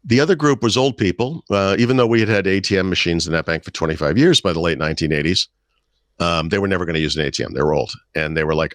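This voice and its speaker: A man's voice: deep voice, fast, a bit bright, dry recording, clean studio sound. A middle-aged man and podcast co-host, telling wry anecdotes in casual chat. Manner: storytelling, wry, puts on voices in anecdotes.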